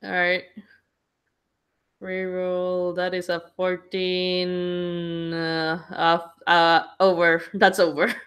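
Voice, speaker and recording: A woman's voice: lowish voice, monotone, very slow, fairly bright tone. A woman playing in a tabletop game, casual and swearing freely. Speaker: player.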